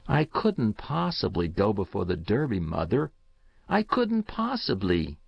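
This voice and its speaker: A man's voice: fairly low pitch, huge pitch swings, measured pace, gravelly, breathy edge, dry recording, lo-fi sound, heavily acted. A man voicing a frail, intense young boy who speaks earnestly and insistently.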